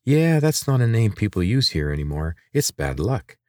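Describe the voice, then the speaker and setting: A man's voice: fairly low pitch, big pitch swings, normal speed, mellow, dry recording, studio quality, voice pushed up. A man voicing a sarcastic teenage girl. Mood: guarded, bitter. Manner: blunt, sarcastic, defensive. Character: sharp-tongued teenage girl inventor.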